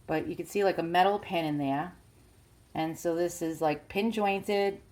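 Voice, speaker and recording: A woman with a New York accent talks in a casual, rambling way, full of "like" and "um". Her voice sits a little low. She films herself on a handheld phone, first outdoors and then at home. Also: normal speed, a little mellow. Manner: chatty, hesitant, many fillers. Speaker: collector showing a teddy bear. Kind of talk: casual show-and-tell vlog.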